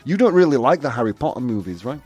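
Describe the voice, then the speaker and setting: A man's voice: mid-range voice, sing-song, fast, a little mellow, faint music behind. A young man from the UK hosting a casual chat show, rambling with lots of fillers and restarts. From United Kingdom. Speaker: host.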